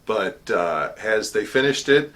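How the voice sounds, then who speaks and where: Bright-voiced man telling a story. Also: lively intonation, slow. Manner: chatty, self-deprecating, with fillers and restarts; booming formal proclamation when quoting court cries. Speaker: court herald. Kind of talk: casual storytelling monologue.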